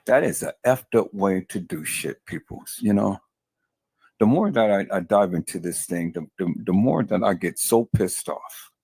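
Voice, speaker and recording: A man with a very deep, husky voice rants to his livestream viewers, stumbling over repeated words in his anger. The sound is dry and close, like a desk mic right at his computer. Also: animated, normal speed, a little mellow, dry recording. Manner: furious, repeats himself, addresses viewers as peoples. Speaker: livestream host. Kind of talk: angry livestream commentary.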